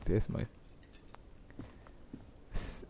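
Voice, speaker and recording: A man's voice: very slow, warm tone, a little hiss or hum. A man streaming a game, reading dialogue choices aloud and laughing often. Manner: amused, laughs often, reads lines with relish.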